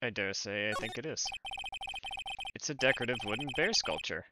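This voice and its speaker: A man streaming a story game, reading the text aloud and chatting in a soft, hesitant way. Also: lowish voice, animated, fairly quick, heavy background noise. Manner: soft-spoken, hesitant, lots of fillers. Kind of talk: casual game commentary and reading. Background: game music.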